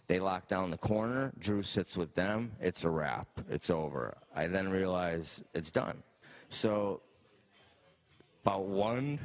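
A male comedian with a low, deep voice tells a long stand-up story. He keeps it animated and jumps into other people's voices as he acts out their lines.

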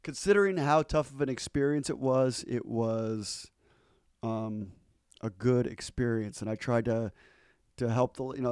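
A man in easygoing conversation, his voice mellow and a little dark. He rambles through stories with plenty of fillers and false starts. The sound is close and dry. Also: mid-range voice, measured pace, clean tone, no room sound. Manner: rambling storyteller with frequent fillers and restarts. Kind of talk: casual chat.

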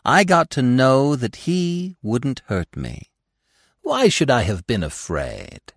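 A man's voice: mid-range voice, huge pitch swings, takes it slowly, creaky, no room sound, studio quality, pitched above the performer's own voice, heavily acted. A man voicing a proud, boastful young deer boasting of his winter among people. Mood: superior. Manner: boastful, superior.

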